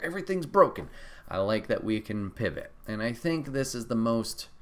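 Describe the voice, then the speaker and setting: Animated wrestling podcast host, lively pitch. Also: male voice. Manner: animated, acts out quotes, laughs often, swears. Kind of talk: casual wrestling recap.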